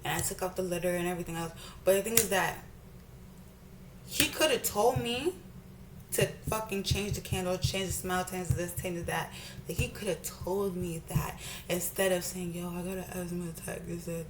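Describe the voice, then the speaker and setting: A woman's voice: fairly low pitch, background noise. Woman ranting while doing makeup. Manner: fast, profane, repeats herself. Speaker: beauty vlogger.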